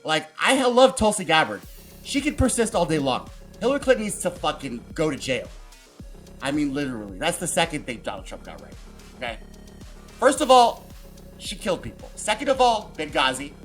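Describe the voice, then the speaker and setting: A man hosts a casual political show, ranting with plenty of profanity. His pitch leaps up and down in a lively way, and faint music plays underneath. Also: a little fast. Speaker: podcast host.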